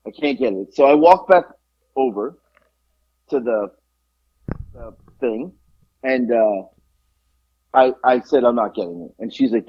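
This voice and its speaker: A man co-hosting a podcast, telling an animated story in casual chat and acting out both sides of the conversation. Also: medium pitch, normal speed, pauses often, husky, no echo, lo-fi sound. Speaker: podcast co-host.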